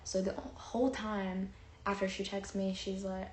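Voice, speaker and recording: A young woman sits and tells a personal story to the camera in a loose, rambling way, full of fillers and quoted lines. Her pitch sits in a middle range. The room adds a noticeable echo, with a faint hiss of noise behind her. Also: unhurried. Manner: rambling, animated, with many fillers and acted-out quotes. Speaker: vlogger. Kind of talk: chatty storytelling.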